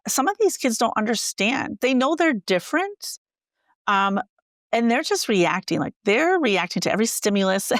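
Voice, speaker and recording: A woman teacher, a guest in an interview, telling classroom stories in an animated, conversational way. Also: medium pitch, dry recording, studio quality. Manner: animated, acts out quoted dialogue. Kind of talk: conversational storytelling.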